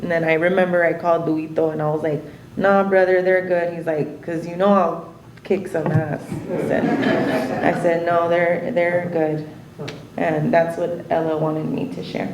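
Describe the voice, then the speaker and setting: A woman's voice: lowish voice, little pitch movement, normal speed, roomy sound, highs cut off, heavy background noise. A mother at a memorial gathering, retelling a text exchange with nervous laughter. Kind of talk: informal memorial tribute.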